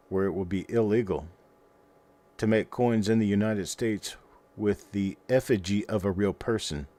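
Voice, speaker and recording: Low-voiced folksy man on a livestream. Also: warm tone. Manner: folksy and rambling, talks to viewers. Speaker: host of a coin roll hunting livestream. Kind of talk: casual livestream chat.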